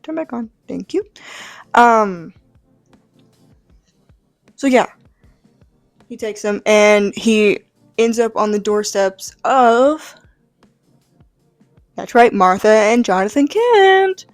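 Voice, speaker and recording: A woman's voice: mid-range voice, animated, extremely slow, long pauses, dry recording, faint music behind. A woman reviewing a comic book in casual chat, rambling with lots of fillers. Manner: rambling, full of "like" and "um".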